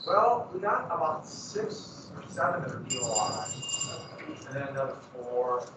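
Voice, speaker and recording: A man's voice: mid-range voice, big pitch swings, unhurried, background noise. A male teacher chatting casually and rambling to his class in a classroom. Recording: echoey room, far from mic, muffled.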